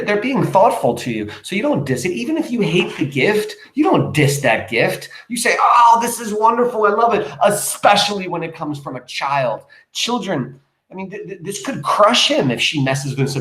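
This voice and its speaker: Male teacher talking through a play, chatty and emphatic, echoey room. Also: a little high. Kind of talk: reading a play aloud and explaining it to a class.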